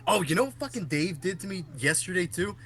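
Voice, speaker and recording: A man's voice: sits high, a little fast, slight background noise. A young man co-hosting a podcast, telling stories in casual chat, laughing often and swearing. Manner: animated storyteller who laughs often and swears. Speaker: podcast co-host.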